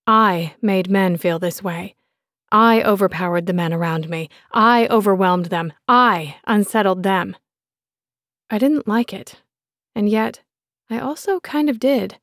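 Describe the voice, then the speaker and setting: A woman's voice: medium pitch, a little slow, a bit bright, no room sound, studio quality. Woman reading a romance audiobook. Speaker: audiobook narrator. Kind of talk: first-person romance novel narration.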